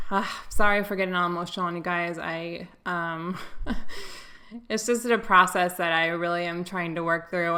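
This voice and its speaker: Young woman vlogger, casual to-camera talk, earnest, emotional, bright, lowish voice.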